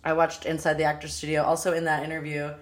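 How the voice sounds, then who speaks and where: A young woman chatting casually about a film, animated and quick to laugh. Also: low-pitched. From Los Angeles area, US. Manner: animated, laughs often, quotes people in voices. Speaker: podcast co-host.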